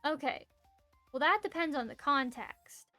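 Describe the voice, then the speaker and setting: A woman's voice: sits high, measured pace, bright, forceful tone, dry recording, faint music behind. A woman with a Southern US accent, chatting casually on a stream as she draws, thinking aloud and explaining things to her chat.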